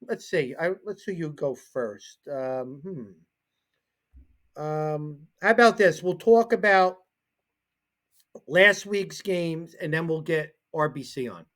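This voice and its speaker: This man co-hosts a casual sports talk show, where he's an animated storyteller who voices the people he quotes. He takes it slowly, speaking with a fairly high pitch.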